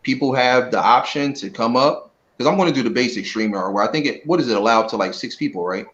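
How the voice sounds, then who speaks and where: A man talking as a guest in a casual live-stream interview, relaxed and earnest, rambling a little. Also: mid-range voice, quick pace. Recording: dull lo-fi audio.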